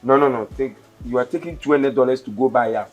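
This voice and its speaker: A man's voice: mid-range voice, fast talker, highs cut off, faint music behind, lightly acted. A man with a Ghanaian accent playing a bossy, boastful husband and stepfather who repeats himself and slips into Twi. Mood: insistent. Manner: blustery, repeats himself, mixes English and Twi. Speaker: comic actor. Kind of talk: comedy skit acting.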